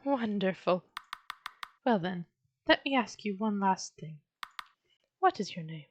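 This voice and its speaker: A woman voicing a gentle, lonely female witch who speaks in a soft, sweet, coaxing way. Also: mid-range voice, animated, slow pace, highs cut off, a little hiss or hum. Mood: soothing.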